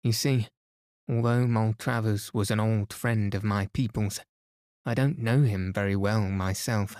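A man's voice: lowish voice, steady tone, a little slow, a little mellow, dry recording, clean studio sound, natural voice. A man voicing a plainspoken young soldier in an audiobook, a little uneasy. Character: young male soldier back from Africa.

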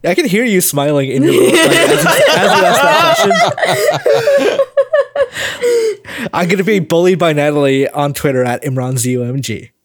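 A man's voice: on the high side, huge pitch swings, normal speed, long pauses. A man on a podcast, playful and teasing, laughing easily. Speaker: podcast guest. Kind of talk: casual podcast chat.

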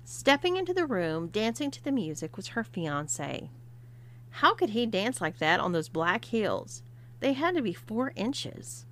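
A woman narrating a story, reading expressively and at a measured pace. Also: medium pitch, sing-song, a bit bright, a little hiss or hum.

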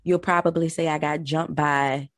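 A woman's voice: low-pitched, fairly even intonation, moderate pace, no room sound, clean studio sound. A woman from Florida, a podcast host, chatting casually as a guest and telling stories with a laugh.

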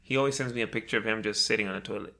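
A man's voice: on the low side, very fast, creaky, pushed and bright. A young man co-hosting a podcast in casual chat, teasing and asking blunt questions. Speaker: podcast co-host.

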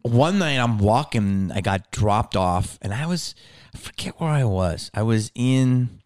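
A man in casual chat, telling a story in a lively way, swearing freely and often calling his listener "dude". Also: medium pitch, a little slow.

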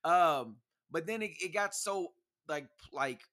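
A young man co-hosting a casual chat, slangy and animated, acting out quotes as he tells stories. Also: fairly high pitch, a little slow. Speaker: podcast co-host.

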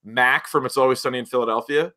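A young adult man chatting casually as a podcast co-host, acting out characters' lines in quick voices. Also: medium pitch, fairly even intonation, bright, forceful tone. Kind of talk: casual chat.

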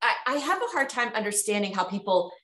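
A woman co-hosting a casual live-stream discussion, talking in an expressive, exasperated way. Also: mid-range voice, fast talker. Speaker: podcast co-host. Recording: echoey room.

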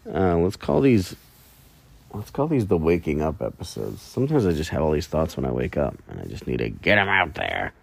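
A man's voice: rumbling low, huge pitch swings, moderate pace, creaky, breathy edge. A man hosting a solo podcast, rambling casually and mocking himself with jokey asides in the early morning. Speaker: podcast host.

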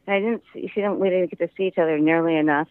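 Heard through a thin, tinny phone line, an older man from the American Midwest talks in a somewhat high voice. He is a chatty actor who tells stories with plenty of laughter, and the sound is close and dry. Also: fairly even intonation, racing, no room sound. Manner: chatty storyteller, laughs often. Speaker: guest actor. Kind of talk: casual interview over the phone.

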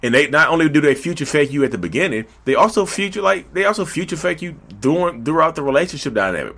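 A man with a Southern drawl giving a casual, animated monologue to his listeners, repeating himself often. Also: a little high, quick pace. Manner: animated, repetitive, talks to listeners directly. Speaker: podcast host.

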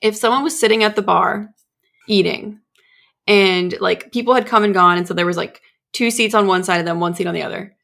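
A woman's voice: medium pitch, fairly quick, gravelly, a bit bright. A woman in her twenties co-hosting a podcast, chatting casually and telling rambling stories. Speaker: podcast co-host. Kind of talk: casual chat.

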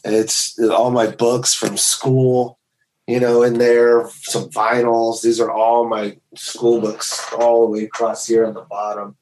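A man's voice: mid-range voice, flat delivery, slow, a little mellow, rough recording. A man, a musician guest, talking casually and rambling with repeated words. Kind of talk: casual chat.

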